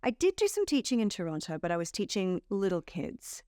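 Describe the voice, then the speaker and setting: Smooth-voiced Australian actress in an interview. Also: female voice, medium pitch, sing-song, brisk, no echo, studio quality. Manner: warm storytelling with playful quoted asides. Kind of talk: casual interview chat.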